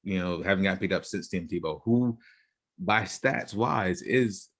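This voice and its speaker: A man's voice: deep voice, unhurried, a bit bright. A young man co-hosting a casual podcast, arguing his points and laying out theories, often repeating himself. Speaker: podcast co-host.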